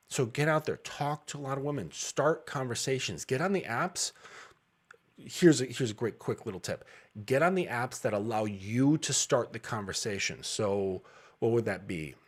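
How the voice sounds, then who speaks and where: A man in his thirties, a dating coach, talking bluntly and casually with frequent profanity and laughs. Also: lowish voice.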